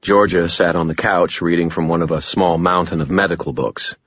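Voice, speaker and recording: A man narrating a first-person audiobook in a wry, deadpan way. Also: deep voice, fairly quick, no echo, dull audio.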